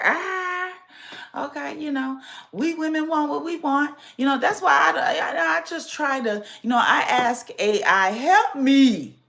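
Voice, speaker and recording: A sassy woman hosts her podcast in a fairly high voice. She talks casually and straight to her listeners, with lots of animation. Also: vocal fry, a bit bright. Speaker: podcast host.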